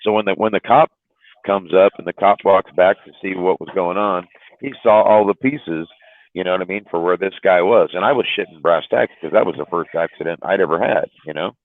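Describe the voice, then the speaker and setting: A man, a truck driver, telling a story in casual chat, swearing and repeating words as he goes. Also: no room sound. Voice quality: deep, drawling, repeats words while telling. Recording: dry tinny phone-like line.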